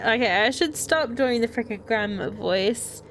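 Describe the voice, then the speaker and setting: A woman streaming a game with excitable, laughing reactions, over the game's music. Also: fairly high pitch, a little slow, hardly any pauses, background noise. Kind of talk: casual let's play commentary.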